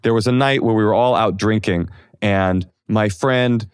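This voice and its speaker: A man in his forties from Oakland, a comedian guest telling self-deprecating stories in a casual interview, animated and full of fillers. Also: on the low side, unhurried, smooth, no echo, studio quality. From Oakland, California.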